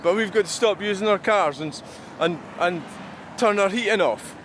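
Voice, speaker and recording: A man's voice: sits high, moderate pace, fairly bright tone. A man rambling and grumbling as he vlogs beside a busy roundabout, swearing freely. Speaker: truck-spotting vlogger. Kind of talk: casual rambling monologue. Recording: outdoor traffic noise. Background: passing cars and trucks.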